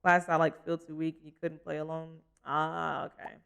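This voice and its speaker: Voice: mid-range voice, level tone, moderate pace, creaky, a bit bright, clean tone. A young adult streamer talking through a gameplay session in a loose, chatty way. They drift from topic to topic, laugh easily and stop to answer chat. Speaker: livestreamer. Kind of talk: casual gameplay commentary.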